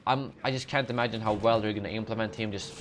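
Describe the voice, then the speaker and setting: A man's voice: on the low side, steady tone, quick pace, slight background noise. A young man hosting a live gaming Q&A, reading out chat questions and answering in a sleepy, rambling way with many fillers and self-corrections. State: sleepy, yawning. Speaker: gaming channel host.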